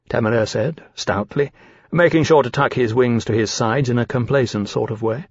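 Husky male audiobook narrator. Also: mid-range voice, brisk, no room sound. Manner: steady, formal storytelling. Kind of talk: scripted narration. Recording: slightly dull, dry recording.

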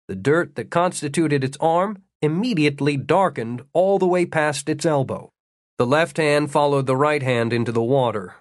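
Male audiobook narrator, mid-range voice, measured fantasy storytelling, dry booth sound. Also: mid-range voice, no room sound.

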